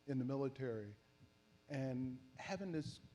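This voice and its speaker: An older man from Philadelphia, an elder activist telling his story slowly and reflectively in an oral history conversation, with many pauses and fillers. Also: medium pitch, lively intonation, mellow. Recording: handheld mic in a panel setting.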